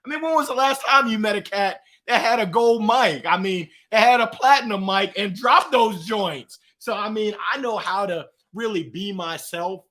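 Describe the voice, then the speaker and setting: High, bright-voiced energetic man. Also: moderate pace, hardly any pauses. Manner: energetic, preachy, slangy storytelling. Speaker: guest, author. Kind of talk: motivational interview talk.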